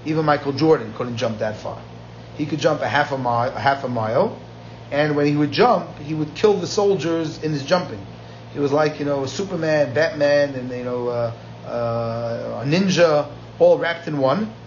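A man's voice: fairly high pitch, moderate pace, a little mellow, dull audio, slight background noise. A man teaching a Talmud class, telling the story with energy and switching between Aramaic quotes and plain English. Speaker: Talmud lecturer.

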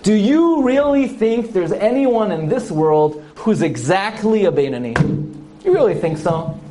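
A man giving an animated Torah class, asking rhetorical questions, using many Hebrew and Yiddish terms and acting out the characters in a story. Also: high voice, a little slow, a little hiss or hum. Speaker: rabbi teaching a Torah lesson.

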